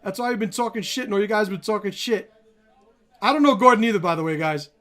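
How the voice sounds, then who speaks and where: A man's voice: high-pitched, quick pace, fairly bright tone. Blunt, profane man reacting on camera. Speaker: commentary channel host. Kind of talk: reaction video commentary.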